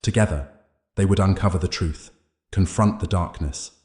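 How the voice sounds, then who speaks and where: A man reading a horror story aloud as scripted narration, measured and dramatic. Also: deep voice, darkish tone. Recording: roomy echo.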